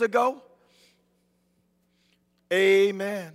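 A man preaching a sermon, telling the story dramatically and building up to shouted points. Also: high-pitched, expressive, normal speed. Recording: long reverb of a large hall.

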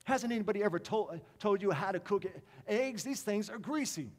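A man's voice: high voice, animated, fairly quick, long reverb tail. A man acting out a rude husband who grumbles about greasy eggs during a sermon. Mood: scornful. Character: grumpy rude husband complaining at breakfast.

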